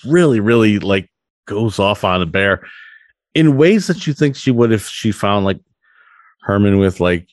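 A man's voice: on the low side, expressive, measured pace, no echo, studio quality. A man co-hosting a podcast in casual chat, rambling and full of fillers. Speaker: podcast co-host.

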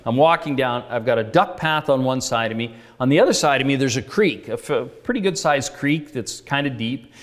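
A man preaches, telling a story in an earnest, conversational way and voicing the people in it himself. His voice sits in the middle range for a man. A long church-hall reverb trails after each phrase. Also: medium pitch. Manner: earnest, conversational, acts out dialogue. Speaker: pastor. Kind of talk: sermon storytelling. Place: church sanctuary.

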